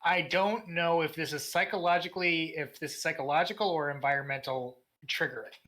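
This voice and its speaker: A player explains their character in casual tabletop play, halting and restarting often. The voice has a bright, sharp tone. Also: medium pitch.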